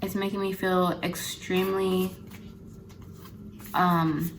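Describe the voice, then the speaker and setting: A woman leads a spiritual card reading at an unhurried, gentle pace, her voice sitting slightly low. She speaks haltingly, on the verge of tears, breaking off and starting over. A faint noise floor and the shuffle of cards sit behind her. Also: flat delivery, rough recording. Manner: halting, overcome with emotion, many restarts. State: close to tears. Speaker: intuitive card reader.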